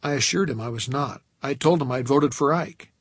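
Man, audiobook narration, wry and measured, husky voice, dry close sound. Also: mid-range voice, no echo.

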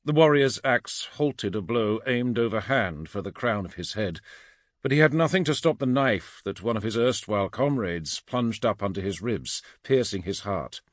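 A man reads dark fantasy aloud in a low, dramatic, measured voice. His pitch moves a lot across the lines, and the recording is dry and close. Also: expressive, dry recording. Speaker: narrator. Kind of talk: audiobook fantasy narration.

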